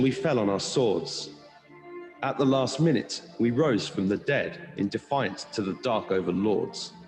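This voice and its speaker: A man reciting a rhyming poem in a slow, solemn manner. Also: medium pitch. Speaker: poet reading his poem. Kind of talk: recited poem over music. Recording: roomy reverb with music behind.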